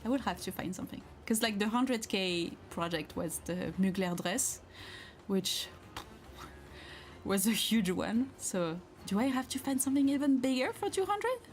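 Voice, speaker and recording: A woman's voice: a little high, expressive, moderate pace, a little hiss or hum. Chatty woman hosting a livestream. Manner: chatty, giggly, encouraging. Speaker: craft livestream host. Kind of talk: casual live chat reading comments. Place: home craft space.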